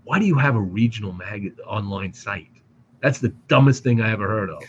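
A man quoting a blunt, teasing friend who works behind a cigar shop counter, in his own slightly low voice. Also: expressive, brisk, lo-fi sound, slight background noise, natural voice.

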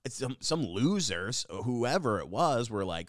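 A young adult man hosting a podcast, telling a comedic story in a rambling, animated way full of fillers and restarts. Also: medium pitch, measured pace, no room sound, studio quality. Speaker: podcast host.

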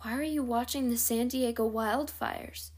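A woman voicing a curious young girl who keeps asking questions, a little higher than her narration. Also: steady tone, measured pace, a little mellow, natural voice.

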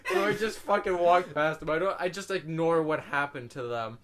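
A man's voice: a little high, lively intonation, normal speed, a crowd in the background. A young man on a podcast telling a rambling story, swearing constantly and laughing at himself. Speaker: podcast co-host. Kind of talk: casual storytelling.

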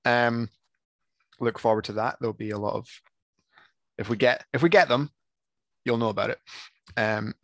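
A man chats and teases on a casual podcast, filling pauses with ums. His voice sits mid-range. The sound is dry and close. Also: mid-range voice, no room sound. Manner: relaxed, chatty, teasing, lots of ums. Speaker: podcast co-host. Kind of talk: casual chat.

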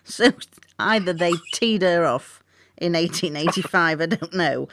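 A woman's voice: low-pitched, moderate pace, fairly bright tone, no echo. A British woman co-hosting a casual chat, wry and chatty with a few mild swears. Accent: British English. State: jet-lagged. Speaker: podcast co-host.

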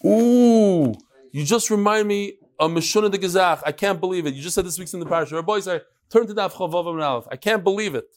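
A man teaching a Talmud class as a rabbi, telling stories in a lively way and talking straight to his students. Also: high-pitched, fast talker. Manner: animated, talks straight to the class. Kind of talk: lively lecture with storytelling.

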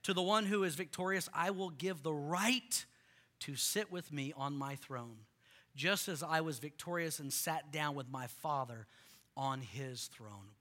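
Preaching to a congregation, this impassioned male pastor alternates between booming calls to rally and hushed, sincere moments. He speaks in a higher register at a measured pace.

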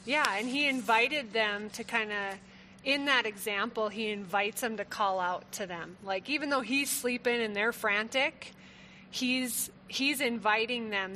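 A woman's voice: fairly high pitch, bright, forceful tone, a little hiss or hum, poor audio. A woman co-hosting a faith talk, affirming and conversational as she builds on her partner's points.

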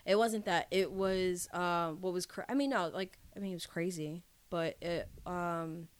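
A woman's voice: fairly low pitch, steady tone, a little slow, clear, resonant tone, no room sound. A woman co-hosting a podcast, chatting casually in a rambling way with frequent restarts and swearing. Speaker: podcast co-host. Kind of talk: casual chat.

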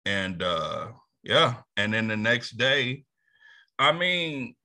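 A man's voice: medium pitch, sharp tone. A man who does stand-up comedy, a guest answering in a laid-back way with many fillers. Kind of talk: casual interview chat.

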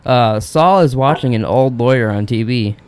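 A young man co-hosting a podcast, rapidly retelling an episode and acting out the characters' lines, swearing freely. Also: medium pitch, darkish tone, clear, resonant tone. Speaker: podcast co-host. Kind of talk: casual chat recapping a TV episode.

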